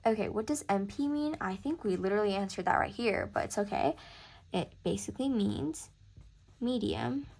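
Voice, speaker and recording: A woman's voice: medium pitch, expressive, moderate pace, creaky, darkish tone. A woman tutoring music theory in a casual lesson, chatty and thinking aloud as she corrects herself. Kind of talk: casual screen-recorded lesson.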